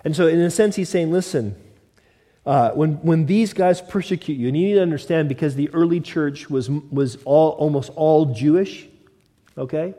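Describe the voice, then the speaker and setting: Male pastor, conversational sermon, mellow tone, long hall reverb. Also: fairly high pitch, normal speed. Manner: conversational preaching with mock quoted voices.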